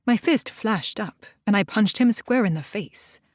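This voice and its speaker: A woman giving a steady first-person audiobook narration. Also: mid-range voice, a little slow, no room sound, studio quality.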